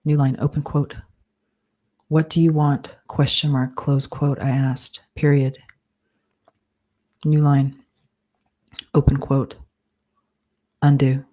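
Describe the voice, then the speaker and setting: In a low, flat voice, a female author is dictating fiction in real time. She keeps a slow, measured pace and says each punctuation mark out loud.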